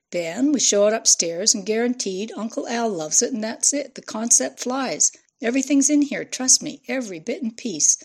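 A woman's voice: on the high side, creaky, a little mellow, husky, full character voice. Randy, a woman doing a pushy young hustler. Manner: pushy, slangy, salesman-like. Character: brash young male media hustler.

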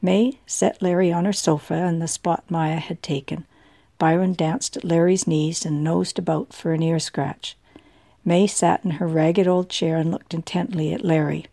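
Gravelly, low-voiced woman narrator. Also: fairly even intonation, normal speed, dark tone, no echo. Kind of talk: audiobook narration.

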